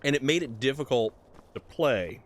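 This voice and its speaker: A man streaming a game live, chatting casually with his viewers and reacting to what happens on screen. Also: moderate pace. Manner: animated, jumpy pitch with sudden high exclamations. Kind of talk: casual live gameplay commentary.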